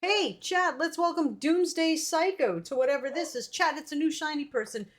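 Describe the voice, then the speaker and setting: Young woman host, bubbly, lilting high voice. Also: animated, fairly quick. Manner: bubbly, laughing, hesitant fillers. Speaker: streamer host. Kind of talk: casual live-stream chat.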